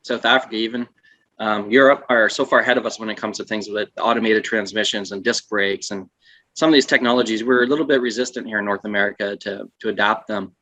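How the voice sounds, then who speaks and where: A man, a trucking magazine editor, telling an animated anecdote in casual conversation. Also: on the low side, fast talker, no room sound, low-quality recording. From Canada. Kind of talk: casual storytelling.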